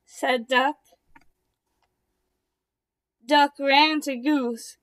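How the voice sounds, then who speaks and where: A woman reading a children's picture book aloud in a slow, deliberate way. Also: sits high. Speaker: storybook reader. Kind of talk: children's storybook read-aloud.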